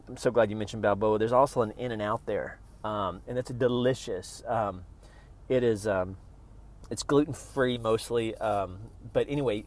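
A man's voice: mid-range voice, darkish tone. A man from Oklahoma doing a rambling, sarcastic stand-up bit, mocking what he reads with put-on voices. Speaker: comedian.

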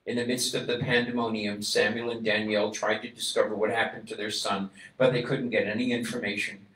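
A man, a rabbi, telling a story in a sermon, acting out the voices of its people and building to loud, emphatic calls. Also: fairly low pitch, little pitch movement, brisk. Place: synagogue. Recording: echoey room, voice a bit distant from mic.

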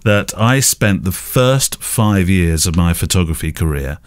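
A man's voice: low voice, expressive, measured pace. A man co-hosting a podcast in casual chat, thinking aloud with many fillers and restarts. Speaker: podcast co-host, wedding photographer.

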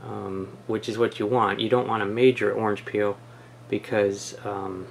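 Hobbyist man, gravelly voice, relaxed talk full of ums, faint hiss in the room. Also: fairly low pitch, unhurried. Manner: relaxed explaining, many ums and restarts. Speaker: hobbyist reviewer. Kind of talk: casual product test vlog. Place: home shed.

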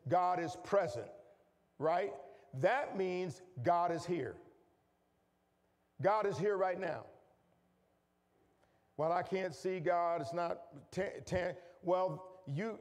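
Male pastor, sermon, repetitive, call-and-response, high voice, long church reverb. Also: darkish tone. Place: church sanctuary.

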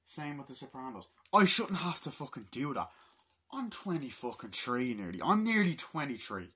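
A man's voice: mid-range voice, sing-song, moderate pace, bright, forceful tone. A man of twenty-two in a casual vlog, exasperated and swearing as he mutters to himself. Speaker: film collector vlogger.

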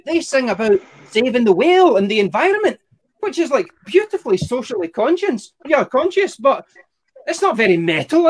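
A young Scottish man performing a stand-up set, wry and profane, with a deadpan storytelling delivery. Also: extremely high pitch. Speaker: stand-up comedian.

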